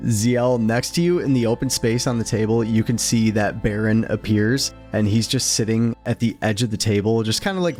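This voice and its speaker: A man in a tabletop role-playing game describing a summoned figure in a relaxed way. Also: lowish voice. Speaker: player.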